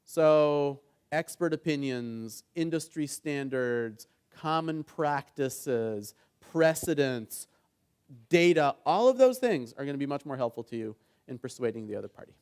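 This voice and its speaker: A man's voice: mid-range voice, measured pace, clear, resonant tone. A middle-aged man who works as a mediator, giving a conference workshop on negotiation. He keeps checking in with the audience and acts out the conversations in his examples. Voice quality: engaging, keeps asking the audience "right?". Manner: animated storytelling, acts out quoted dialogue.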